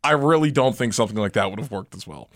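A man's voice: fairly low pitch, lively intonation, quick pace, a bit bright, dry recording, clean studio sound. A man chatting casually about a movie, rambling with lots of fillers and restarts.

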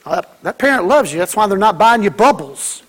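A man's voice: high-pitched, big pitch swings, a little fast, very noisy. A man preaching a sermon as pastor, folksy and joking, mimicking kids and church members.

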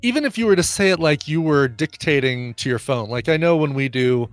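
A man co-hosting a morning podcast in casual chat, playful and joking as he pitches ideas. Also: lively intonation, a little fast, no echo, faint music behind. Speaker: podcast co-host.

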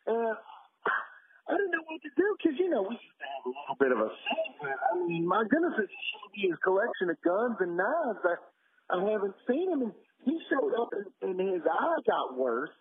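A man's voice: high-pitched, sing-song, moderate pace. A man playing a frantic, breathless small-town gossip rambling into a voicemail, stammering and out of breath. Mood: gossipy. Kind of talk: comic voicemail sketch. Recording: tinny phone-line voicemail.

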